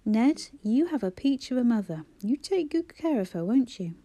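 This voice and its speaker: A gallant local shopkeeper , read by a woman speaks with a mellow, soft tone. He is courteous and lightly teasing in an audiobook scene. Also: on the high side, sing-song, normal speed, dry recording. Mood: friendly. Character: local man, shop owner, gallant and chatty.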